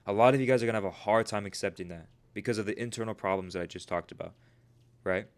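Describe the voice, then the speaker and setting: Lowish-voiced man coaching traders live. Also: fast talker, smooth. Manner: addresses viewers as "you guys" and "bro", repeats "right?"; emphatic, preachy motivational delivery. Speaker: trading coach streaming live. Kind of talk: live-stream talk answering chat.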